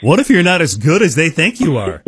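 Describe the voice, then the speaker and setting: A man's voice: on the high side, huge pitch swings, fairly quick, a bit bright, husky, dry recording. A man hosting a morning radio interview, upbeat and joking, laughing often as he asks questions. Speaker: radio morning show host. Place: radio studio.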